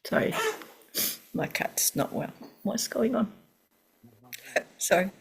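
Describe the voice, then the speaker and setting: A woman taking part in an online workshop over a video call, sharing her feelings softly and searchingly, with pauses. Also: medium pitch, animated, vocal fry. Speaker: workshop participant. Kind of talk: reflective sharing.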